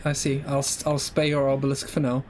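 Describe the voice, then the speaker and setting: A man's voice: mid-range voice, completely flat delivery, fast, darkish tone, a little hiss or hum. A man playing in a tabletop game, chatting casually and joking with the group. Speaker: player. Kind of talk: casual chat at a game session.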